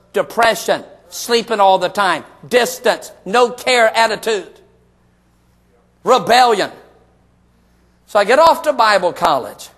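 A middle-aged man preaching a sermon, his voice sitting unusually high for a man. He moves from hushed, personal storytelling to shouted, emphatic exclamations. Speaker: pastor.

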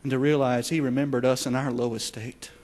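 A man preaching a sermon, swinging between shouted passages and hushed, quiet ones. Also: medium pitch, little pitch movement, a little fast, slight background noise. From Texas.

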